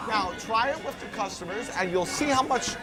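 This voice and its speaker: A man's voice: high-pitched, lively intonation, moderate pace, loud music behind the voice, over a noisy crowd, pitched above the performer's own voice. A man voicing a chirpy male ice cream counter greeter in a put-on Swedish accent, with a bouncy, sing-song delivery.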